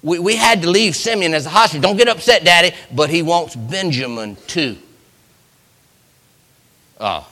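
A man preaching a sermon, acting out Bible characters with big swings from loud lines to whispers. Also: on the high side, expressive, normal speed, long pauses, in a large hall.

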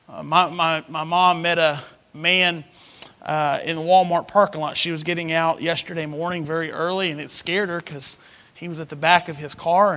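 A man delivers a sermon in a high voice, stacking phrase upon phrase as he builds emphasis. His tone is bright and ringing, and he calls the congregation to repeat after him. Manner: preaching with rising emphatic repetition. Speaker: pastor.

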